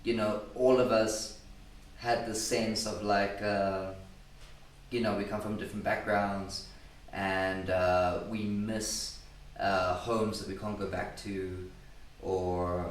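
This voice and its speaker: A man vocalist being interviewed, explaining things in a measured, reflective way with a joking side. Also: lowish voice, fairly even intonation. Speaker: band vocalist guest. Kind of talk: casual interview chat. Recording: roomy distant mic, faint noise.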